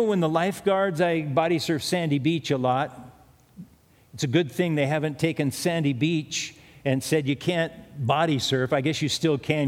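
Middle-aged male pastor, a touch higher-pitched than most men, chatty storytelling sermon, long church-hall reverb. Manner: conversational storytelling preaching with asides.

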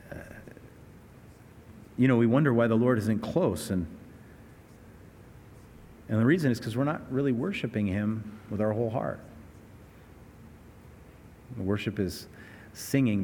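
A man's voice: mid-range voice, darkish tone, big-room sound, slight background noise. A man preaching a sermon as pastor, telling stories with earnest, rising emphasis. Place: church sanctuary.

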